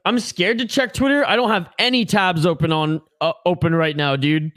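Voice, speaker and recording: A man's voice: sits high, steady tone, moderate pace, a bit bright, no room sound, studio quality. A man hosting a casual livestream, chatty and joking as he reads viewer comments aloud. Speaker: host of a hockey watch-along livestream.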